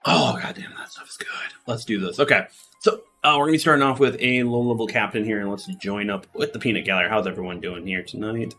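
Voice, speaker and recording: Chatty Midwestern man, low voice. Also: fast, faint music behind. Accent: Midwestern American. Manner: relaxed, chatty, lots of uh fillers. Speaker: streamer. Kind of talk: casual game stream chat.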